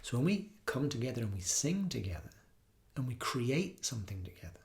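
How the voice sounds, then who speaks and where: A man, a yoga teacher, giving an earnest, reflective talk with gentle storytelling. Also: mid-range voice, big pitch swings, a little fast, gravelly. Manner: earnest, storytelling, breaks into soft singing.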